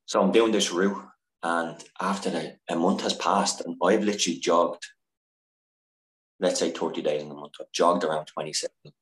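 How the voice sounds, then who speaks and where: A man with a deep, low voice tells a candid personal story as a podcast guest. He is earnest and emotional, swears freely and trips over his own sentences. The sound is roomy and echoey. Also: fairly even intonation, normal speed. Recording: echoey room.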